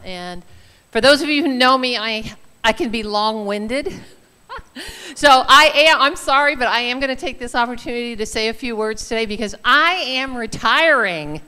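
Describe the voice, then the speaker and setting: A woman's voice: fairly high pitch, normal speed, bright, forceful tone, smooth. A woman in her sixties, a retiring teacher, giving an earnest, emotional speech at a school ceremony, choked up at times. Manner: earnest, emotional, laughs between lines. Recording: long reverb in a large hall.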